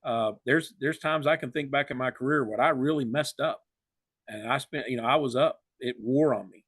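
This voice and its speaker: An older man, a retired umpire, talking reflectively in a casual interview, with many pauses and fillers. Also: medium pitch, a bit bright, slightly rough, dry recording, studio quality.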